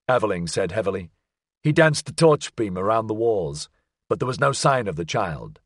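Husky, expressive male audiobook narrator. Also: on the low side, normal speed, no echo, clean studio sound. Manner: expressive, suspenseful reading. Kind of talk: scripted narration.

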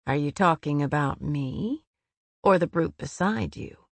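A woman voicing a cold, preening noble man with a smooth voice, speaking with cool mockery in an audiobook. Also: sits low, animated, unhurried, no echo, voice pushed down, full character voice.

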